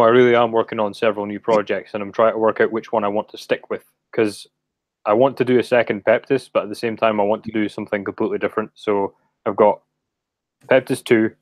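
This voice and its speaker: Low-voiced man musing about projects. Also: no room sound. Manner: hesitant, musing. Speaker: comic book creator guest. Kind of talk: casual podcast chat.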